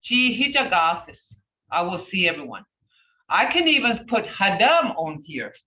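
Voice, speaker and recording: A woman teaching an online language class, talking slowly and patiently and repeating phrases for practice. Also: mid-range voice, big pitch swings, bright, forceful tone. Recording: roomy, distant, dull lo-fi sound.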